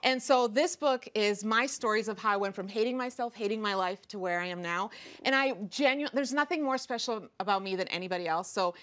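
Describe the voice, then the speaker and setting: A woman's voice: mid-range voice, brisk, a bit bright. A woman, a guest author and cook, chatting casually and candidly in a cooking segment, laughing often.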